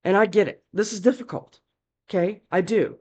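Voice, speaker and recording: A woman's voice: mid-range voice, moderate pace, a little mellow. A woman giving a casual tarot reading, talking bluntly and chattily, scolding and cursing freely. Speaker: tarot reader.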